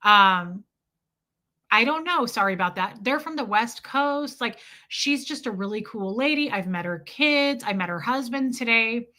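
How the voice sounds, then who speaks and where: Young woman streamer, bright and slightly high voice, rambling casual storyteller who keeps greeting chat. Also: lively intonation, measured pace. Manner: rambling, chatty, greets viewers mid-story. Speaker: live streamer.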